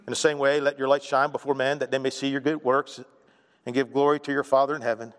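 A middle-aged man preaching a sermon in a conversational, animated way, often checking in with "right?" and acting out quoted voices. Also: mid-range voice, quick pace, in a large hall. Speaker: pastor.

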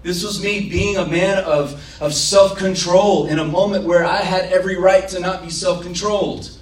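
A man's voice: high-pitched, steady tone, moderate pace. A man preaching a sermon as pastor, passionate and acting out prayers and imagined quotes, recorded in a church. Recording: roomy, from a distance.

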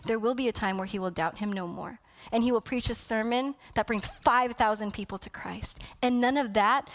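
A woman preaching a sermon with passion, dropping to a hush and then building to loud emphasis. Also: mid-range voice. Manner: impassioned, swinging from hushed to loud emphasis.

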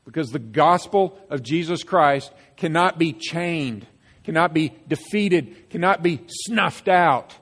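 Male pastor, fairly high voice, animated emphatic preaching, echoing church sanctuary. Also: slow. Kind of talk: sermon. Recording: long reverb of a church hall.

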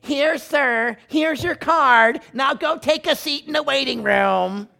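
A man putting on the voice of a curt, dismissive female ER receptionist, pitching his voice up high. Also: takes it slowly, vocal fry, pushed and bright, heavily acted.

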